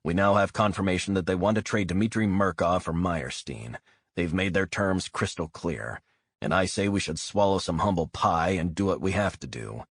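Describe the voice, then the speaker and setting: Male reader as a tough, profane operative, low and husky. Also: normal speed, dry recording, studio quality. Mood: forceful. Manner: forceful, profane, blunt. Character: blunt, hot-headed male operative.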